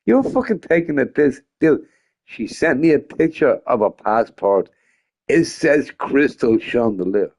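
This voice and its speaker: A young man with a mid-range, slightly mellow voice chats casually on his gaming stream. The live-stream talk rambles, he swears freely, and laughter often breaks through.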